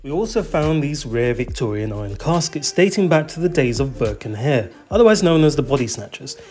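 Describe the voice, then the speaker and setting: A man's voice: mid-range voice, animated, fairly quick, a little mellow. Playful male travel narrator. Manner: playful, leans on comic details. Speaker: host. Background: faint background music.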